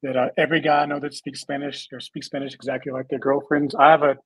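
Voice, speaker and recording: A man's voice: mid-range voice, flat delivery, fast, breathy edge, no echo, low-quality recording. A man chatting casually on a livestream in a laid-back, joking way, reading out viewer comments.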